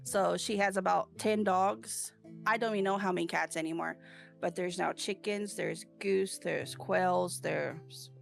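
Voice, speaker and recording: A woman in casual chat, telling stories haltingly with many fillers. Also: on the low side, steady tone, creaky, faint music behind.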